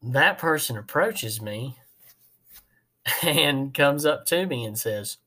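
A man's voice: medium pitch, animated, takes it slowly, pauses often, bright, forceful tone. Folksy man telling a work story. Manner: rambling, folksy, with many fillers. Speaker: podcast host, HVAC technician. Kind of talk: casual storytelling.

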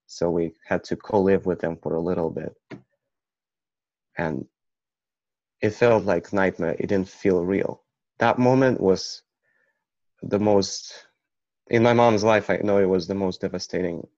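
Man from Ukraine, personal storyteller, halting delivery, low and unhurried. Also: steady tone, a little mellow, no echo. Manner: halting, with many restarts. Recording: dull, muffled recording.

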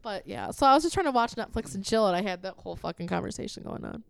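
A woman's voice: mid-range voice, animated, quick pace, gravelly, clear, resonant tone, no room sound. A woman telling a long, profanity-laced story in casual chat, laughing often as she recounts a text exchange.

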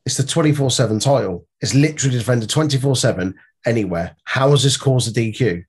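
A man's voice: medium pitch, fast, husky. A man co-hosting a podcast, talking about wrestling in an exasperated, sarcastic way with some swearing. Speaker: podcast co-host. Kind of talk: casual wrestling chat.

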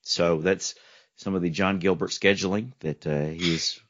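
A man's voice: low voice, steady tone, normal speed, fairly bright tone. A man hosting a casual sports podcast, joking and easygoing as he runs the segments. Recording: dull lo-fi audio.

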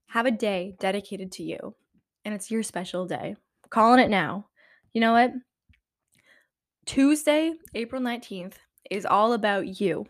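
A young woman in college, talking casually as a podcast host, rambling and chatty and often laughing mid-sentence. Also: medium pitch. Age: young adult. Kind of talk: casual chat.

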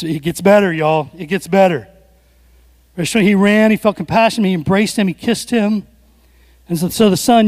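A man pastor preaching a sermon, telling the story with animated swings from hushed passages to loud bursts. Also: high voice, long reverb tail.

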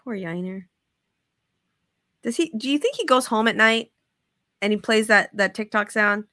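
A woman's voice: mid-range voice, moderate pace, no room sound, studio quality. A woman hosting a casual sports podcast, cursing freely and acting out players' voices. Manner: profane, animated, acts out quotes. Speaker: podcast host.

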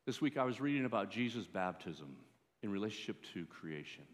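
A man preaching a sermon as pastor, in a measured way that rises for pleas. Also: fairly low pitch, big pitch swings. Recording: long hall reverb.

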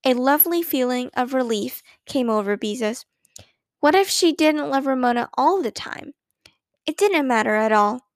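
A woman reads a children's chapter book aloud with warm, expressive storytelling. Her voice sits high, and the recording is dry and close with no room sound. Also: moderate pace, dry recording. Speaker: narrator. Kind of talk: children's audiobook narration.

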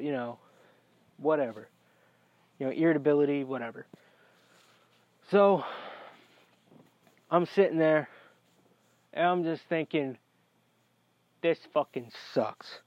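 Guy swearing his way through a rambling story, voice on the higher side, muffled dry audio. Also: no room sound. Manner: profane, rambling, gets heated. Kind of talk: casual storytelling. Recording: dry, dull lo-fi recording.

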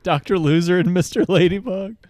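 A man's voice: high voice, a little fast, darkish tone, no room sound. A man guesting on a podcast, his brother's show, chatting casually with dry, crude joking asides. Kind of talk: casual chat.

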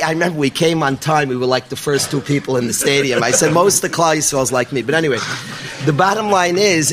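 Joking emcee man, faint noise. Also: a little high. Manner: jokey and lively, mixing in Yiddish and Hebrew words.

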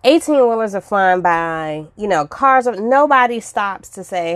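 Woman from D.C., casual storyteller; chatty and expressive, middle pitch, dry close sound. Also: unhurried, dry recording. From Washington, D.C. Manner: expressive, acts out her own past reactions; chatty, with frequent fillers and asides.

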